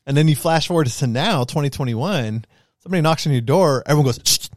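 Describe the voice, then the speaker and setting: A man's voice: a little high, lively intonation, fast, dry recording, clean studio sound. A man in his thirties telling stories in casual, profane chat and acting out quotes as he goes. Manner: profane, storytelling, acts out quotes.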